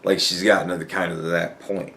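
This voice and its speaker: A man's voice: sits low, level tone, a little fast, fairly bright tone. Profane rambling man. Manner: profane, rambling, stammering restarts; acts out imagined dialogue. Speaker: podcast host. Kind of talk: casual solo commentary.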